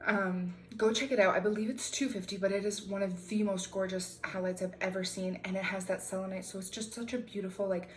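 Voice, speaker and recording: A woman's voice: medium pitch, fairly even intonation, a little fast, hardly any pauses, slight background noise, rough recording. A young woman chatting casually at home as she unboxes crystals, bubbly and full of fillers. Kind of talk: casual chat. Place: room at home.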